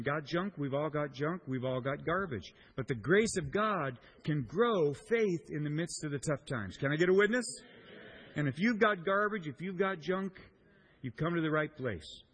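A man's voice: fairly high pitch, a bit bright, breathy edge. A middle-aged man, a pastor, preaching a sermon in a church and mixing in a playful personal story with acted-out voices. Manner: playful storyteller, acts out voices and sound effects.

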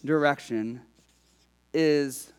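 A man's voice: fairly high pitch, very slow, clear, resonant tone, long reverb tail. A male pastor preaching a conversational sermon, telling stories with emphatic delivery.

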